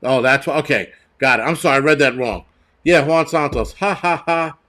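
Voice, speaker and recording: This livestream host's voice is mid-range, bright and forceful, a little fast. His rant is angry, profane and blunt, full of constant swearing, restarts and repeated words.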